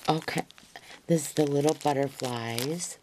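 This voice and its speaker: A woman's voice: deep voice, unhurried, warm tone, slight background noise. A woman crafter showing handmade gifts to camera in a casual unboxing chat, gushing and rambling with many fillers.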